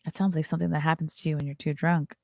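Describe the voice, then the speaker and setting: A woman's voice: low voice, flat delivery, vocal fry, a little mellow, dry recording. Wry, chatty woman host, dry sound. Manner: chatty and wry, quick asides. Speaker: morning show host. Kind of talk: casual commentary reading celebrity news.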